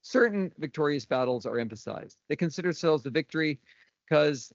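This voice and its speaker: A man's voice: on the high side, expressive, a little fast, dry recording. A man giving a university lecture from his notes, with dry asides and some stumbles over his words. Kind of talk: academic lecture read from notes. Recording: dull lo-fi lecture recording.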